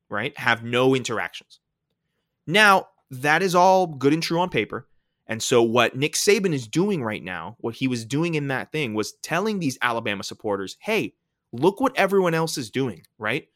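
Bright, emphatic male sports talker. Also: mid-range voice, animated, normal speed, no echo, clean studio sound. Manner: explanatory, emphatic, often tags points with "right?". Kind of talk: casual sports commentary.

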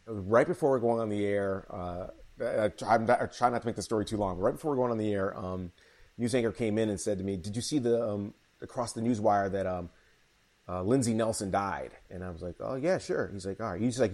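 Low-voiced man telling on-air stories. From Chicago. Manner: animated storyteller, many fillers and restarts. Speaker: sports broadcaster, interview guest. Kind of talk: casual interview storytelling.

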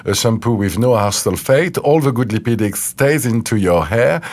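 A man with a French accent, a guest hair colorist, speaking halting non-native English in a casual interview and explaining things step by step. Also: mid-range voice, lively intonation, darkish tone. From France.

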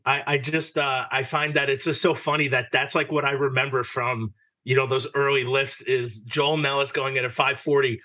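A man's voice: mid-range voice, steady tone, normal speed, sharp tone. Eager man hosting a podcast. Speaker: podcast host. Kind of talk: casual chat.

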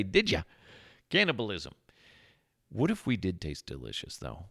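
A man hosting a podcast with a low, gravelly voice full of vocal fry. He rambles through stories with crude jokes and plenty of fillers. The sound is dry and close to the mic. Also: wildly swooping pitch, a little slow, long pauses, a bit bright, no room sound. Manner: jokey, rambling, crude humor, frequent fillers. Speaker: podcast host. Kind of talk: casual rambling storytelling monologue.

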